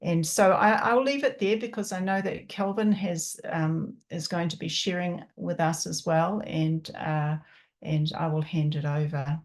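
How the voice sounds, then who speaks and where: Low-voiced woman from New Zealand. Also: a little slow. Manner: hesitant, with fillers. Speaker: seminar speaker. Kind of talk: closing remarks on a video call. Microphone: video call.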